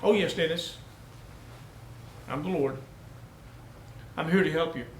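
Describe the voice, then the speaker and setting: A man voicing God as a calm, patient voice that coaxes a man to listen. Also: on the high side, echoey room. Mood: calm assuring. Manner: calm, coaxing, measured.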